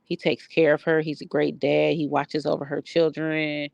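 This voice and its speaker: A woman's voice: low voice, level tone, moderate pace, creaky, a little mellow, no echo. A middle-aged woman, a psychic medium, talking frankly and bluntly in a personal video journal.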